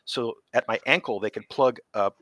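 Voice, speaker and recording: Middle-aged man, interview guest, animated storyteller who acts out quotes; bright voice, dry sound. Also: medium pitch, normal speed, no room sound. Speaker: interview guest, creature suit performer.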